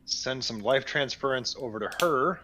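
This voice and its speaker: A man playing in a tabletop game, speaking casually and deliberately. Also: mid-range voice, sharp tone, rough recording. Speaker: player.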